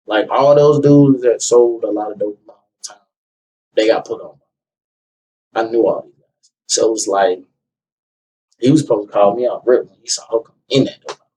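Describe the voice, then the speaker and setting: A young man casually telling a personal story, acting out what people said with a raised, animated voice. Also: fairly low pitch, moderate pace, long pauses. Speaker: guest telling his story. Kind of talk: casual conversation. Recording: distant mic with faint ambient noise.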